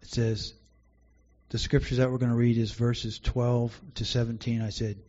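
A man's voice: mid-range voice, level tone, normal speed, mellow, muffled recording. A man preaching a sermon as pastor, earnest and conversational, often restarting his sentences.

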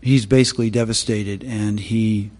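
A man's voice: fairly low pitch, steady tone, a little mellow. Man preaching in a reverberant hall. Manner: halting, many fillers and restarts. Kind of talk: sermon.

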